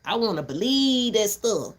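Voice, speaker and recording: An older woman talks straight to her viewers from an outdoor back porch. Her voice sits at an ordinary middle pitch, and she rambles bluntly from point to point. She laughs easily along the way. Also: sing-song, normal speed. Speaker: vlogger. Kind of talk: casual rant to viewers.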